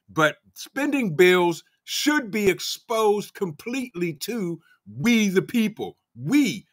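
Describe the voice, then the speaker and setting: A man's voice: high-pitched, sing-song, slow, hardly any pauses. A man hosting a casual livestream, fired up and greeting chat viewers by name. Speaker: livestream host. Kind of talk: casual live-chat commentary.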